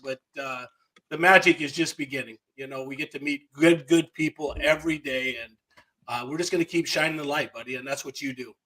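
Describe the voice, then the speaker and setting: A man introducing himself as a guest on a video-call livestream, earnest and halting. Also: a little high, fairly bright tone, low-quality recording. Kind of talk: casual self-introduction.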